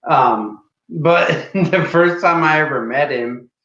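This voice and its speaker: A man's voice: fairly high pitch, slow, fairly bright tone, roomy sound, lo-fi sound. A man, a former Marine hosting a podcast, telling stories bluntly with plenty of swearing. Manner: blunt and profane, dry asides. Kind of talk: casual podcast chat.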